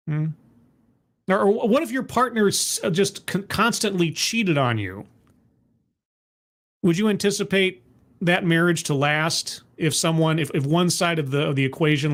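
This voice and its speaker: A commentary host reacting to a talk clip with sarcastic, mock-earnest remarks and stammered repeats, streaming from home. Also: mid-range voice.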